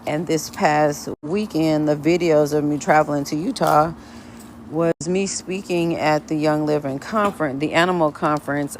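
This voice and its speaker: A woman who runs a dog rescue, chatting casually on a live stream in her backyard, switching between high baby talk to the dogs and a relaxed tone for viewers. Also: creaky, a little hiss or hum. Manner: drops to a low, relaxed tone when explaining to viewers. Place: outdoor backyard. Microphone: phone.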